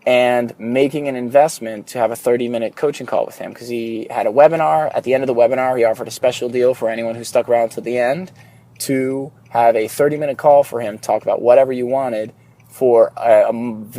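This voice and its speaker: A young man records his podcast solo while driving to work on a morning commute, speaking earnestly and candidly with the odd curse word. His voice is medium-pitched, mellow and fairly even, and he talks fairly quickly.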